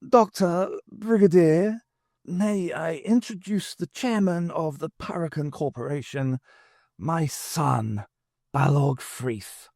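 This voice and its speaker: A wheezy old president with a thin, raised voice, as a man reads him out. He is courteous and gracious, yet firm and cutting when his authority is challenged. The delivery is slow and the sound is dry, close and plain. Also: fairly high pitch, gravelly, a little mellow, no echo, pitched above the performer's own voice. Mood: courtly. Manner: courtly, turning sharply stern.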